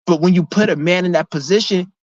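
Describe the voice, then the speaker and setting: A man's voice: sits high, fast talker, darkish tone, no room sound. Man ranting, blunt and profane. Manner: repeats himself with many restarts. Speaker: vlogger. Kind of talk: heated rant to camera. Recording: dull lo-fi, dry sound.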